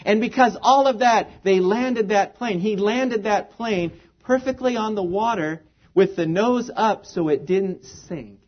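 High-voiced man preaching a sermon. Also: measured pace. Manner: earnest preaching with repetition. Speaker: pastor. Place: church. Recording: dull lo-fi recording.

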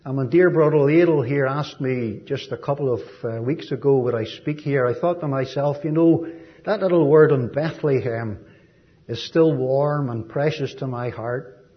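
Irish man preaching, folksy and gentle. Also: mid-range voice, moderate pace, highs cut off. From Ireland. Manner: gentle, folksy, sprinkled with ums and asides. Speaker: visiting preacher. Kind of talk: sermon.

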